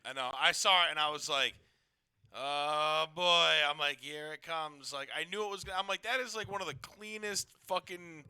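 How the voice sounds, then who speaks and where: Male sports talk co-host, exasperated and profane; bright, crisp voice, dry sound. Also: on the high side, moderate pace, no echo. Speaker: podcast co-host. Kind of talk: casual sports chat.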